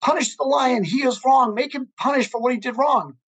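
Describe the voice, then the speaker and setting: A man's voice: very high-pitched, brisk, fairly bright tone, slightly rough, pitched above the performer's own voice, exaggerated voice. A man voicing a stubborn male donkey in a spoken fable, screaming its claims in a frantic rush.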